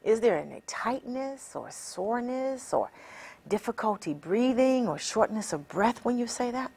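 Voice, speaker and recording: Woman, empowerment coach, encouraging and measured, animated pitch. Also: creaky, breathy edge. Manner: measured and encouraging, with many rhetorical questions. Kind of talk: motivational teaching talk.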